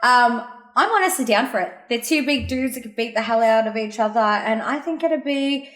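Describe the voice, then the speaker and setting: A woman co-hosting a casual podcast over a call, retelling events with animated quoted voices and frequent laughs. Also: on the high side, normal speed, reverberant. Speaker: podcast co-host. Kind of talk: casual chat recapping wrestling. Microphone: remote call mic.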